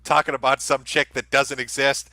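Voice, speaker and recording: A man's voice: mid-range voice, little pitch movement, moderate pace, bright, forceful tone, dry recording. A man hosting a casual commentary show, reacting to social media posts in a sarcastic, profane, mocking way.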